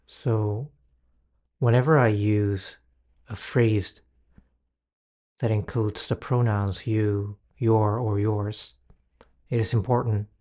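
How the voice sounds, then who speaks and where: A man leading a guided healing meditation, speaking gently with long pauses and reciting calm phrases for the listener to repeat. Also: on the low side. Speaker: guided healing session leader.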